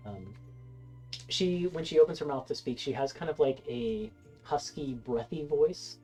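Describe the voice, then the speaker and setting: A game master narrates a tabletop game in a loose, hesitant way, with frequent restarts. The tone is mellow. Faint music plays underneath. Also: medium pitch, animated, a little slow.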